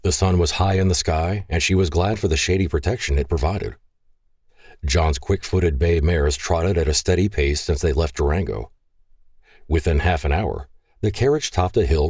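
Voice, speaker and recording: A man reading a romance novel aloud as narrator, measured and expressive. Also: deep voice, husky, no echo, clean studio sound. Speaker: audiobook narrator.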